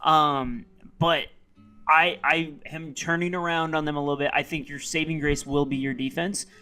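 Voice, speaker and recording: A man co-hosts a sports podcast, talking hesitantly as he works through his points. His tone is bright and sharp, and his voice sits slightly high. Faint music plays softly underneath. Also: steady tone, normal speed, smooth. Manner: hesitant, thinking aloud with fillers. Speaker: podcast co-host. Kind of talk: casual sports chat.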